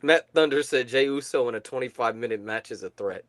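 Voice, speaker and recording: A man's voice: medium pitch, fairly quick, no echo. A man co-hosting a podcast, joking around with blunt reactions. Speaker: podcast co-host. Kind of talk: casual banter.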